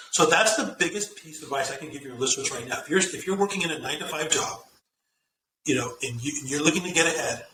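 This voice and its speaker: A fast-talking man tells stories in an animated way, voicing the people in his anecdotes and often repeating words as he starts a thought. His voice is bright and forceful. He sounds a little far from the mic in a roomy space with a faint hum behind him. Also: on the high side. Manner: animated storyteller, acts out quoted dialogue, repeats words when starting. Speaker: guest, CEO and author. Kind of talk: interview.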